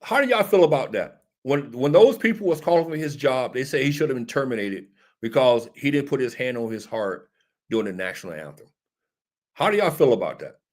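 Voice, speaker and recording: Here the host talks a bit fast in a darkish, mid-range, sing-song voice. He runs casual political commentary for a live audience, answering viewers and preaching his points again and again with strong emphasis.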